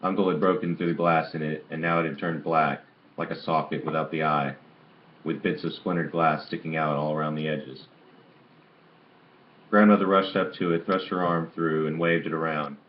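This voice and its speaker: Deep-voiced man reading a novel aloud. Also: fairly even intonation. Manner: halting, with restarts and stumbles. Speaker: audiobook reader. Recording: dull lo-fi with faint hiss.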